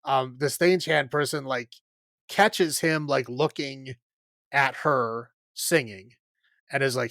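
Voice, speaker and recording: Casual male podcast host, mid-pitched, chatty and meandering with plenty of "um" and "like", recorded dry and close. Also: takes it slowly, fairly bright tone, no room sound. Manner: rambling, filler-heavy, laughs often. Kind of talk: casual chat recapping a film.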